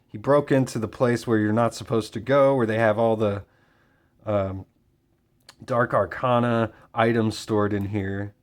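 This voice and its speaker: A man casually summarizing and reviewing a comic book issue, talking with frequent fillers and pauses. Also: on the low side. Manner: relaxed, hesitant with fillers.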